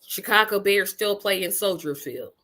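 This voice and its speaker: Woman in her fifties from Indiana, podcast host; bright, lively, emphatic chat that loops back on itself. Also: medium pitch, moderate pace. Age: 50s. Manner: animated, emphatic, repeats words for effect. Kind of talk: casual chat.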